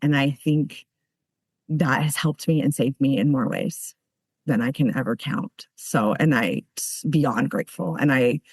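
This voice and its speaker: A woman's voice: rumbling low, a little slow, a little mellow, breathy edge, dry recording. A woman giving earnest, heartfelt personal testimony at a recovery meeting, telling her story with many restarts.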